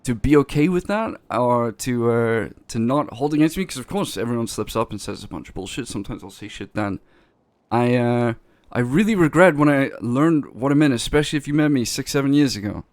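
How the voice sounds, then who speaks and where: A man's voice: medium pitch, animated, a little fast, a little mellow, no echo, clean studio sound, natural voice. A man playing a blunt, defensive male boss who swears freely, does not speak English natively, and keeps restarting his words. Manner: profane, blunt, self-justifying, restarts words. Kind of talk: in-character role-play talk.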